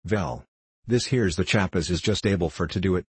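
A man's voice: sits low, normal speed, husky, dry recording. A man voicing a cocky twelve-year-old printer's boy who talks in a drawling country dialect. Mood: sly, earnest.

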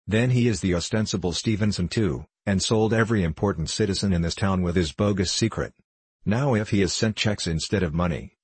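A man's voice: low voice, a little mellow, husky, dry recording. A man voicing a weary, timid male bank cashier who speaks in a hesitant, worried way in an audiobook.

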